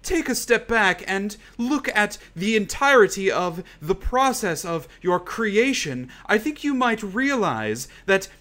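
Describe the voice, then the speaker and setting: A man's voice: high voice, big pitch swings, measured pace, few pauses, bright, forceful tone, voice pushed up, exaggerated voice. A man voicing a pretentious young woman designer who speaks in long-winded, overly formal phrases. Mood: pompous.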